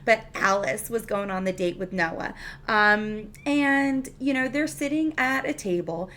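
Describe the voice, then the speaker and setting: A woman's voice: mid-range voice, unhurried, fairly bright tone. A woman reviewing a TV episode in a casual, chatty recap, full of fillers and restarts.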